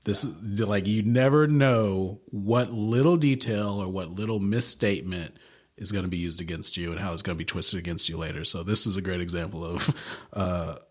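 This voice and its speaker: A man, a criminal defense attorney, co-hosting a podcast in casual, animated chat. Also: low voice, normal speed. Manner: animated, acts out quotes.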